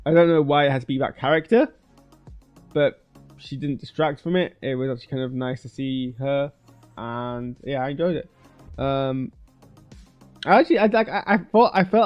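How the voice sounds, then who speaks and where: A man's voice: a little high, highs cut off. A man giving a casual spoken film review, rambling and hesitant with many restarts. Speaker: video creator reviewing a film. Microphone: streaming webcam setup.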